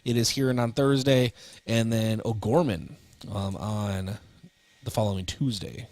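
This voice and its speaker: A man calling local high school baseball on radio, reading stats and chatting casually with fillers. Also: measured pace, no room sound. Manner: relaxed, chatty recap with fillers. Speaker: play-by-play announcer. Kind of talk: local radio sports broadcast.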